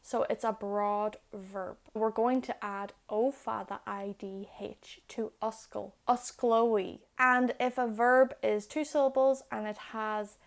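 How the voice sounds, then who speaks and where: A young woman explaining grammar step by step, patient and clear, in a video lesson. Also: mid-range voice, steady tone, a little slow, hardly any pauses. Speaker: Irish language teacher.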